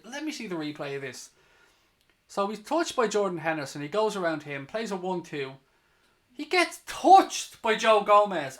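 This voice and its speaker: Sweary fan calling a match. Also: male voice, high voice, a bit bright. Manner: sweary, heated, ranting between play-by-play. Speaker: fan channel host. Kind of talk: live match reaction commentary.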